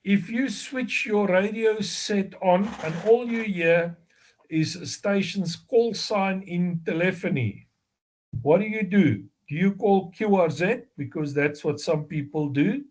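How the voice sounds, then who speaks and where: Man, South African accent, exam review lecture, slow and deliberate, high voice. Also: a little mellow. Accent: South African English. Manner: slow, deliberate, explanatory with fillers and self-corrections. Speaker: amateur radio exam instructor.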